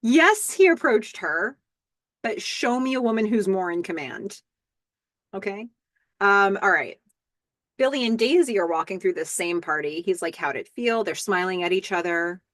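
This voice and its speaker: A woman talks through a TV episode for her podcast with lively, bouncing intonation. She acts out bits of dialogue with a playful, giggly delivery. The sound is dry and close, with no room around it. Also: medium pitch, normal speed, dry recording. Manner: animated, giggly, reads dialogue aloud with playful voices. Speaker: podcast host recapping a TV episode. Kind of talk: casual recap narration.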